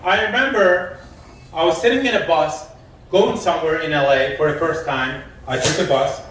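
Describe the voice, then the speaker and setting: High-voiced Iranian man doing stand-up. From Iran. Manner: deadpan storytelling, quoting people in his jokes. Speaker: stand-up comedian. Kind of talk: live stand-up set. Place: comedy lounge stage. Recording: echoey room from far off, faint noise.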